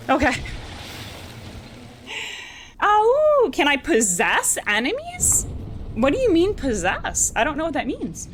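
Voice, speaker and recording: A woman's voice: sits high, slow pace, pauses often, a little hiss or hum. A young woman streaming a game live, chatting with her viewers and breaking into laughs and shrieks. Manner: giggly, excitable, shrieks at danger. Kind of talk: live gameplay commentary with chat.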